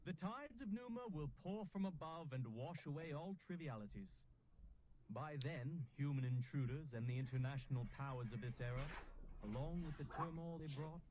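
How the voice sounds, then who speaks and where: A man's voice: medium pitch, dark tone, slight background noise, close to an everyday voice, low-quality recording. An actor playing a grandiose male agitator in a game, speaking in a theatrical, gloating manner. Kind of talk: game voice acting.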